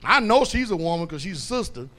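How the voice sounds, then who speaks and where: A pastor gives a blunt, folksy sermon, quizzing his congregation with "what?" and building to loud, emphatic passages. His voice is high-pitched and very animated, and he talks fast.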